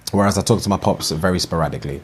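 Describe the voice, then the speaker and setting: A young man talks things over in a casual podcast. His voice sits fairly low, and he speaks in a measured, reflective way, often murmuring agreement. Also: slight background noise. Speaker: podcast co-host. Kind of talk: casual chat.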